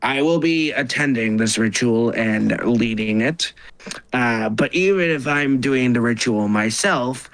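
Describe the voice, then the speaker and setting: A man's voice: mid-range voice, a little slow, fairly bright tone, no echo, rough recording. Rambling man running a tabletop game. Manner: rambling with many fillers and self-corrections. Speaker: game master.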